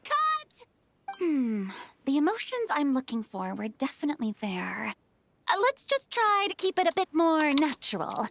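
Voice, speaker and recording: A woman's voice: sits high, huge pitch swings, unhurried, a bit bright, a little hiss or hum, exaggerated voice. A woman voicing an eager young film director in a game, upbeat and encouraging.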